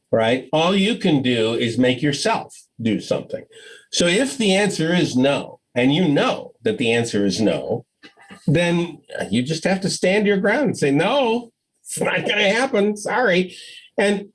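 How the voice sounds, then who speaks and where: A man's voice: a little high, low-quality recording. An older man giving a conference keynote, telling stories and acting out the voices of the people in them. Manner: animated storytelling, acts out quoted voices. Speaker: keynote speaker.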